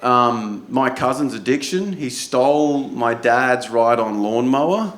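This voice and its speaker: A man's voice: medium pitch, lively intonation, unhurried, a bit bright. A man with an Australian accent doing stand-up in a comedy club, talking in a loose, profane, conversational way. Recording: echoey club with audience noise.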